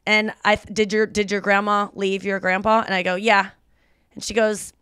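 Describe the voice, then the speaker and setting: A podcast host in her thirties tells a story in casual chat, animatedly acting out the voices of the people in it. Her medium-pitched voice is clear and resonant at normal speed, recorded at studio quality with no echo.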